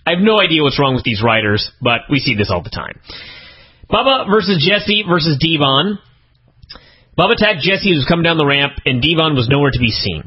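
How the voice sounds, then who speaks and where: Exasperated man with a husky, lively voice. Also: fairly quick. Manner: exasperated, incredulous, swings pitch up for emphasis. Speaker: podcast co-host reviewing wrestling TV. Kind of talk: casual comedic review chat. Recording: dull lo-fi podcast audio.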